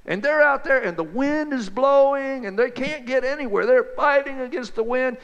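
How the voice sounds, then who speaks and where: A man telling Bible stories as a folksy, excited back-and-forth chat between two friends. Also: very high voice, normal speed, clean tone, big-room sound, muffled recording. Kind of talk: two-voice dramatized Bible storytelling.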